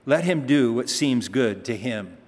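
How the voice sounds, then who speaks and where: A man's voice: medium pitch, expressive, measured pace. A male pastor giving a conversational sermon, reading scripture and then explaining it, with emphatic passages. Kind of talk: sermon, Bible teaching. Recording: reverberant hall.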